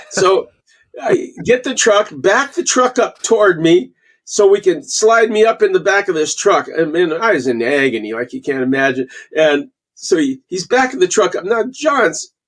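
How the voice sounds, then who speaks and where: A man in his sixties from Canada, a guest falconer telling animated stories in a casual interview and acting out the quotes. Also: high-pitched, moderate pace. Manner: animated storyteller, acts out quotes.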